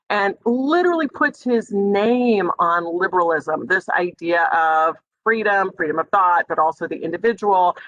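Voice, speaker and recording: Bright, dry-voiced woman lecturing online. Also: fairly low pitch, no echo, highs cut off. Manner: conversational, many ums, addresses students as friends. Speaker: music history instructor. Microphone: video call.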